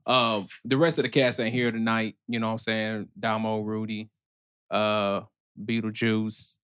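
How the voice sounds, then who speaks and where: A man's voice: on the low side, little pitch movement, a little slow, fairly bright tone, clear, resonant tone. A man hosting a podcast as loose, casual chat among friends at home, laughing, slangy and a bit tipsy from drinks. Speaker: podcast host.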